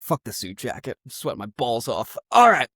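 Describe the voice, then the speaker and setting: A young man co-hosting a comedy show, pitching a football club in a rambling, excitable way and swearing freely. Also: a little fast, breathy edge, no room sound, studio quality.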